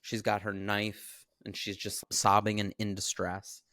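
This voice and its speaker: A man co-hosting a podcast, casually recapping a film in animated, profane storytelling. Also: fairly low pitch, a little slow, no room sound, studio quality. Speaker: podcast co-host.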